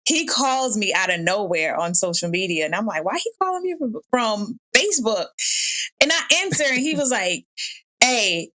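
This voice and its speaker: Bright-voiced woman telling lively stories. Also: mid-range voice, normal speed. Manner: animated storytelling, laughs often, acts out quotes. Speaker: podcast guest. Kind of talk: casual chat.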